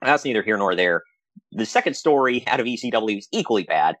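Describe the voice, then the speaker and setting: A man co-hosting a podcast, telling stories in a casual, animated way with frequent laughs. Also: lowish voice, a little fast, no echo. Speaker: podcast co-host. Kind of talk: casual chat.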